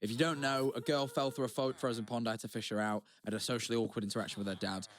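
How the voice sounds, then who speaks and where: A man's voice: medium pitch, steady tone, very fast. A man co-hosting a podcast, telling a story in casual chat, swearing freely with rambling asides and restarts. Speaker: podcast co-host.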